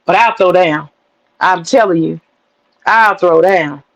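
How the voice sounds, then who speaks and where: A woman's voice: on the low side, takes it slowly, dry recording, muffled recording. Streamer, female, blunt and foul-mouthed, dry close sound. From Southern US. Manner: blunt, profane, wisecracking. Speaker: livestream host. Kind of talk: casual commentary rant.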